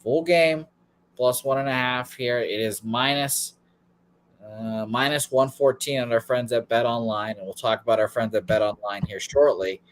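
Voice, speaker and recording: A man's voice: mid-range voice, steady tone, moderate pace. Rambling male betting show host. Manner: rambling, swears freely, self-deprecating. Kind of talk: casual sports betting talk.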